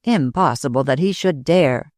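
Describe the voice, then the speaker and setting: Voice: medium pitch, normal speed, darkish tone, no echo, studio quality, natural voice. A narrator reading a weary, troubled young man. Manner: weary and anguished. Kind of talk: audiobook character reading.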